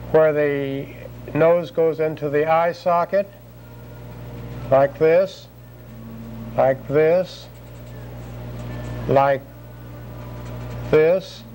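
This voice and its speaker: A man calmly narrating each step of a drawing demonstration as an instructor, repeating short phrases as he works. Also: a little high, slight background noise, poor audio. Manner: calm, repetitive narration of each stroke.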